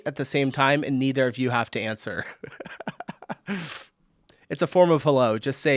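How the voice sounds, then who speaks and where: A man's voice: mid-range voice, a little slow, fairly bright tone, clear, resonant tone, no room sound, clean studio sound. An American man hosting a reaction video, chatting casually, thinking aloud and often laughing between comments.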